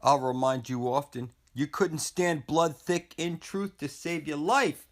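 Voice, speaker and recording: A man's voice: a little high, unhurried. A man delivering a threatening, profane monologue as a channel host, taunting and contemptuous. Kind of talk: menacing monologue to camera.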